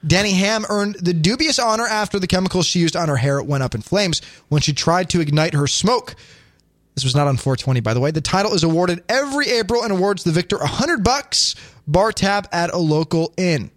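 A man's voice: high-pitched, fairly quick, no room sound. A man hosting a casual comedy podcast, joking around and reading odd news stories aloud. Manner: animated, jokey, reads news items aloud. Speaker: host.

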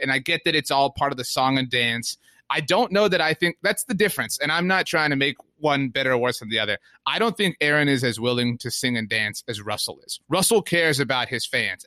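A man's voice: mid-range voice, sharp tone, no echo. A man co-hosting a casual sports podcast, rambling with many fillers. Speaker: podcast co-host.

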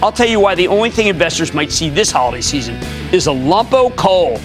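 A man in his sixties hosting a stock market show, delivering commentary and answering callers in an emphatic way, dropping from loud to hushed. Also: high voice, expressive, over music. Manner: emphatic, rapid shifts between loud and hushed.

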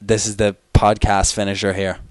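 A man's voice: fairly low pitch, completely flat delivery, normal speed, a little mellow, dry recording, clean studio sound. A young man co-hosting a podcast in rambling, jokey, tired late-night chat. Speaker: podcast co-host. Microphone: external microphone.

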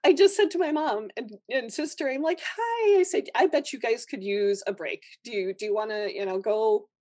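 This Minnesota woman, a holistic nurse guesting on a podcast, talks briskly in a voice on the high side. The studio audio is clean, without any room sound. Recounting something personal, she laughs a lot and mimics the people in her tale.

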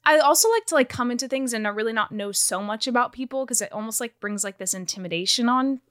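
A woman's voice: a little high, fast, a bit bright, no room sound, clean studio sound. A young woman guest in a casual interview, chatty and full of "like" fillers. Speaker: guest actor.

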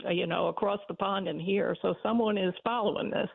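A woman talking politics in a casual chat, animated and laughing often as she talks. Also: mid-range voice, fairly quick, gravelly, breathy edge. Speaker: political commentator. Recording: tinny phone-line sound.

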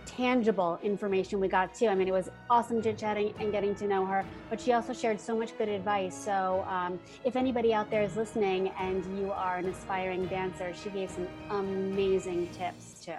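A woman's voice: mid-range voice, fairly even intonation, a little fast, hardly any pauses, over music. A woman co-hosting a podcast in a casual chat, enthusiastic and supportive. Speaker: podcast co-host.

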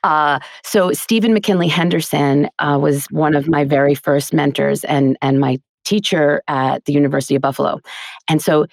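A woman's voice: low voice, steady tone, moderate pace, gravelly, dry recording. A middle-aged woman, a voiceover artist and teacher, speaking earnestly and emphatically as a guest in a casual podcast interview.

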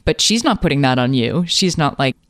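A woman hosting a parenting podcast, talking with her guest in a reflective, measured way. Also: very deep voice, very animated, no echo, studio quality. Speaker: podcast host. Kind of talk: interview conversation.

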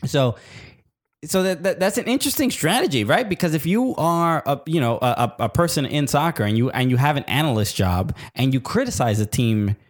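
An American man co-hosting a casual soccer podcast, talking in halting starts and restarts. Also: a little high, animated. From United States. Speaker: podcast co-host.

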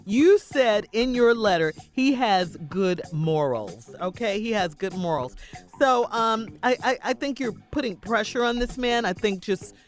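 Woman, slightly congested, firm advice, animated pitch, radio talk, soft music bed. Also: measured pace. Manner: firm, direct, scolding advice. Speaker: radio co-host reading and answering letters.

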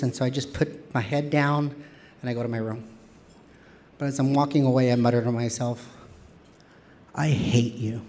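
A man telling a personal story on stage, expressive and playful with self-mocking humor. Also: mid-range voice.

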